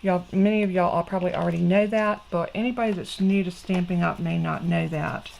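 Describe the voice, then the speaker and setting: A woman's voice: lowish voice, steady tone, fairly quick, creaky, darkish tone, a little hiss or hum, low-quality recording. A middle-aged woman, hosting a casual craft tutorial in a chatty, folksy way and talking straight to her viewers. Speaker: crafting channel host.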